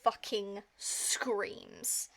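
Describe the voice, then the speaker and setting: A woman's voice: mid-range voice, fairly even intonation, drawn-out words, a bit bright. A woman streaming, retelling a story in a casual, rambling way, full of fillers and swearing. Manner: rambling, heavy filler use, frequent swearing.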